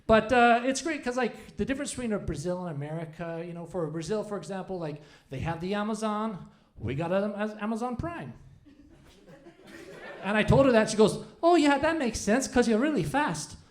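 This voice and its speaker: A stand-up comedian in his forties works the room from a club stage. He is a man who rambles and restarts, makes fun of himself, and his pitch swings up and down. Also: expressive, fairly quick. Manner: rambling, self-deprecating, many restarts.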